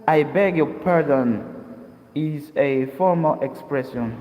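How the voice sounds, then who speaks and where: A young man from Mozambique reading dictionary entries aloud as an English lesson, slowly and carefully, restarting words now and then. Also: on the high side, darkish tone. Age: young adult. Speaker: English teacher. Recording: echoey room with long reverb.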